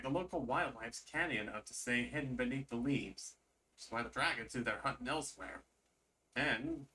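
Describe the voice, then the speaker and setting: Male reader voices a blunt rustic hunter chief, colloquial and gruff. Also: mid-range voice, pushed and bright, natural voice.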